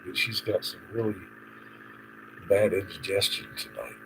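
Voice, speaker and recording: A man's voice: low voice, moderate pace, creaky, background noise. A man live-streaming an unscripted monologue, agitated, swearing and rambling. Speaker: livestreamer.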